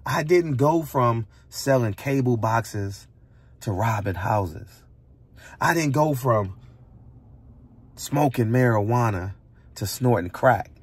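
A blunt middle-aged man from the United States preaches in a heated monologue, hammering his points with rhetorical questions. His voice sits at an ordinary pitch and is recorded dry and close, with no room echo. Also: animated, takes it slowly, long pauses, breathy edge. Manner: blunt, preachy, repeats for emphasis. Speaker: barbershop commentator.

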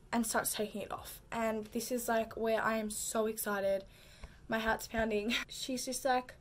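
A woman's voice: a little high, fairly bright tone. A young woman vlogging casually, telling a funny story with lots of "like" and frequent giggles. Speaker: beauty vlogger.

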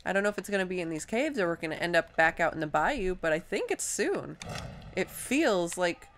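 A woman casually commenting on her own gameplay, chatty and self-deprecating, thinking out loud as she plays. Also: on the low side, animated, brisk. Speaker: let's play host.

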